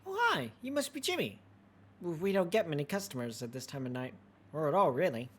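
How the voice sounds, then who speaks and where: A game streamer voicing a friendly, earnest young woman who runs an antique shop, in a soft, quiet voice. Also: mid-range voice, sing-song, fairly quick.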